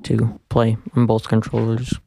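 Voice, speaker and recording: A man's voice: lowish voice, completely flat delivery, measured pace, gravelly, warm tone, breathy edge. A teenage boy guest in casual chat, hesitant with many ums.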